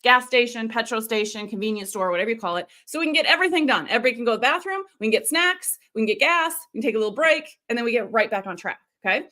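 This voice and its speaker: A woman with a slightly high voice coaches her viewers live on a stream. She talks in a chatty, animated way and often breaks into quick asides. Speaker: online video coach hosting a live stream. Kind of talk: casual live-stream teaching.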